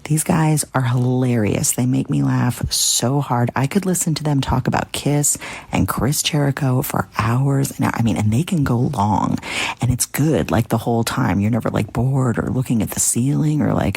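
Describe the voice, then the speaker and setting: Brief: gravelly female comedian, husky, playful gushing promo. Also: extremely low pitch, normal speed, a little mellow, no echo. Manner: gushing, joking, playful asides. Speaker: comedian guest plug. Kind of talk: casual promo plug.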